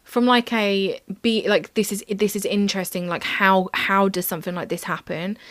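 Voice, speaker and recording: English woman cohost, rambly chat with lots of likes, bright voice, dry sound. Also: mid-range voice, fairly even intonation, normal speed, dry recording. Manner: rambling, lots of fillers and restarts. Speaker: podcast co-host. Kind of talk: casual chat.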